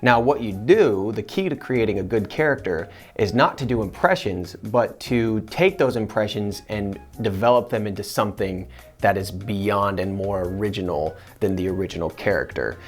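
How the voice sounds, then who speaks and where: A man with a fairly low voice answers interview questions as a voice actor. He talks in an earnest, animated way, with faint guitar music playing softly behind him. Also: moderate pace.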